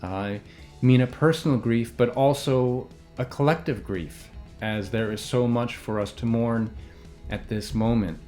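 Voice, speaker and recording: A man from a poetry organization giving a calm, measured, formal introduction of a poet. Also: medium pitch, soft background music. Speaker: event host introducing a poet. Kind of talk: scripted introduction.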